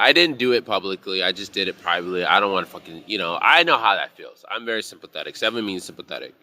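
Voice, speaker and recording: A man's voice: sits low, lively intonation, quick pace, few pauses, sharp tone. A man teaching a casual live class on intuition, telling rambling, profane stories from his bar job in a heated way.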